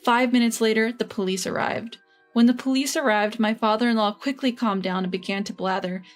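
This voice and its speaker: A woman in her thirties narrating a scripted first-person story in a steady, even storytelling manner. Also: medium pitch, fairly quick. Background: faint background music.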